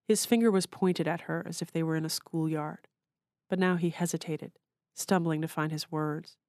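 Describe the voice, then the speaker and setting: A woman author reading her own short story aloud in a measured, literary way. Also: sits low, fairly even intonation, darkish tone, no echo, clean studio sound.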